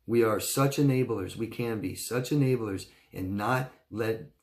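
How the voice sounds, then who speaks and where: A man working as a relationship coach, answering viewer questions in a reassuring way and often checking in with "okay?". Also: measured pace. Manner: acts out quoted friends in a higher, excited voice.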